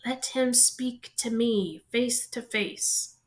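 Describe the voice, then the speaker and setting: Voldemort, as a woman reader puts him on, slow and hissing. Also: on the high side. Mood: commanding. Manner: slow, soft, hissing delivery. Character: evil male dark wizard, cold and menacing.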